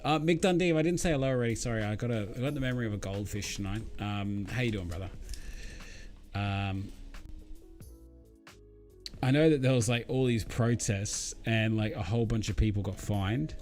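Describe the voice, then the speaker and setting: A man's voice: fairly low pitch, normal speed, darkish tone, soft background music. A young Australian man chatting casually to viewers during a live build, rambling with lots of fillers. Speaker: streamer. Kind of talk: casual live-stream chat while building.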